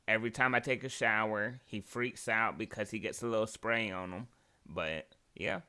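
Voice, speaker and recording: Bright, laughing man in casual banter. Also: mid-range voice, measured pace. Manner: animated, laughing, profane banter. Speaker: podcast co-host. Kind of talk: casual chat.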